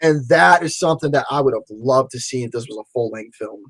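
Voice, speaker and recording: A man co-hosting a casual podcast chat, excitable and prone to swearing, acting out reactions. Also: medium pitch, brisk, dry recording. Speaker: podcast co-host.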